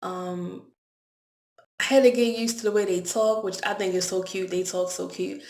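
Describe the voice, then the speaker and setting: Gravelly-voiced woman in an echoey room. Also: mid-range voice, fairly even intonation, moderate pace, darkish tone. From Baltimore, US. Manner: candid, conversational, repeats words. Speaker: vlogger. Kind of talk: casual storytime vlog.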